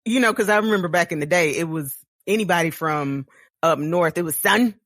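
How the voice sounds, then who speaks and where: A woman's voice: fairly low pitch, fairly quick, a bit bright, no room sound. A woman with a Texan accent co-hosting a casual studio chat show, blunt and candid, laughing often. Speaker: podcast co-host.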